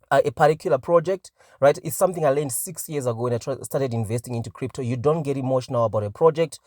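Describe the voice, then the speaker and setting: A man's voice: a little high, no room sound, clean studio sound. Emphatic man saying "right?" a lot. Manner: emphatic, peppers talk with "right?". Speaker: crypto commentator. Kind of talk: casual commentary vlog.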